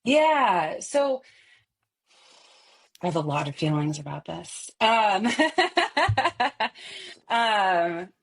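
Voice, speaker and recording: A woman voice coach explaining voice as a guest on a video call, lively and quick to laugh between her points. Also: mid-range voice, husky. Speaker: voice coach and opera singer.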